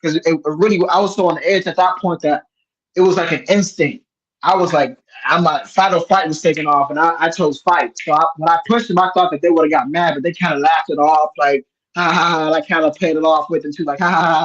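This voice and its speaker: Man, fairly high voice, rambling and animated storyteller, dull lo-fi sound. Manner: rambling, animated, many restarts. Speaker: host. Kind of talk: casual storytelling chat.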